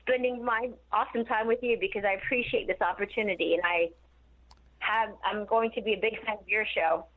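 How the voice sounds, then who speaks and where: A woman guest telling stories in a casual interview, animated and laughing often. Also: mid-range voice, fairly quick. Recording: tinny phone line.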